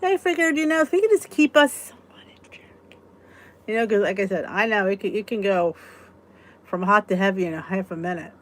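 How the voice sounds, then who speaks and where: A woman's voice: mid-range voice, expressive. A woman hosting a live weight-loss support chat, talking casually, reading out viewers' comments and venting with a laugh. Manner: chatty, exclaiming, quick to vent and laugh.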